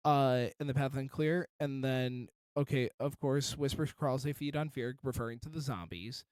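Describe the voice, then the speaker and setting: A man's voice: medium pitch, moderate pace, a little mellow, smooth. A man reviewing a song in casual commentary, encouraging and detailed about vocal technique.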